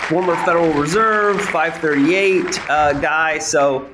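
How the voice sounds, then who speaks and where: A man's voice: a little high, a little slow, crowd noise, background noise. A man being interviewed as an economist guest, talking hesitantly with many fillers. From New England.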